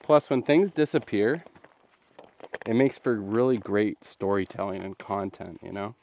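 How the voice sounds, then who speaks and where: A man's voice: on the low side, measured pace, a little mellow, slight background noise. A man chatting casually while building a deck outdoors, joking and rambling to his viewers. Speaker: DIY cabin builder.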